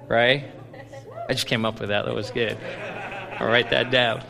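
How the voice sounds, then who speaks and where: A male pastor preaching a sermon, animated, swinging from loud playful bursts to low, intense stretches. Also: moderate pace, gravelly, long pauses, in a large hall. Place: church sanctuary.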